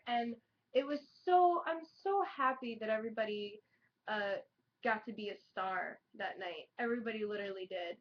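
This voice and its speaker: A bubbly young woman with a fairly high voice talks straight to her webcam, excitable and rambling, full of "like" and casual swearing. The audio is dull and lo-fi. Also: moderate pace. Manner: chatty, excitable, heavy use of "like" and swearing. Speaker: vlogger. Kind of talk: casual chat to camera.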